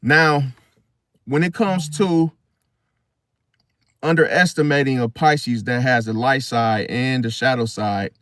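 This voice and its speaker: A man talking casually to the camera about a star sign. He often ends a point with a low, quiet "see?". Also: slow pace, long pauses, no echo, studio quality. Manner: conversational, repeats "see?" with a dropping voice. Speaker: astrology video host. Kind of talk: casual monologue.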